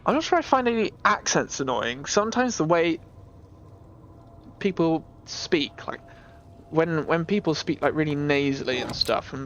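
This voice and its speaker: A young British man casually commenting while he plays a game, chatty and excitable, often laughing. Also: fairly high pitch, muffled recording, slight background noise. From Britain. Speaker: streamer.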